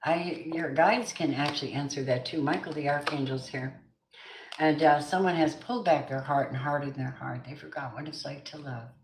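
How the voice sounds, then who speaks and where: A woman's voice: sits low, normal speed, reverberant, a little hiss or hum, low-quality recording. A middle-aged woman giving an emphatic live tarot reading, chatting with her viewers by name. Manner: emphatic, repeats affirmations. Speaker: tarot reader. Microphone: camera mic on a live stream.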